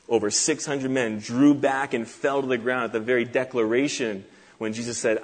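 A man preaching an expository sermon, reading scripture aloud and dropping low and quiet for the quoted divine words. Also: steady tone, fairly quick. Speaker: pastor.

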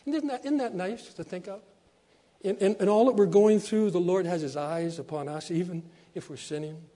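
Man, pastor preaching a sermon; high, warm voice; emphatic repetitions, soft low dips. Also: normal speed. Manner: preaching with rising emphasis and repeated phrases.

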